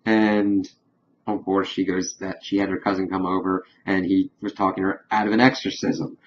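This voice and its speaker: A man with a fairly low voice retells a TV episode in a loose, rambling way, leaning on "of course" and half-quoting the characters. The recording is dull and lo-fi, with a faint hiss underneath. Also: little pitch movement, a little fast. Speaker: TV episode reviewer. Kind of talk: casual recap of a TV episode.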